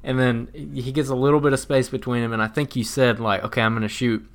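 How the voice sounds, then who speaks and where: A man co-hosting a podcast, telling a hunting story in a plain, steady way with sudden excited bursts. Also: mid-range voice, fast talker. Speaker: podcast co-host.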